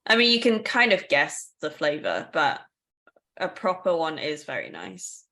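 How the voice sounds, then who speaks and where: A woman's voice: low voice, sing-song, unhurried, bright, forceful tone. A woman co-hosting a casual podcast, explaining things in a chatty way with asides and small laughs. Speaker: podcast co-host.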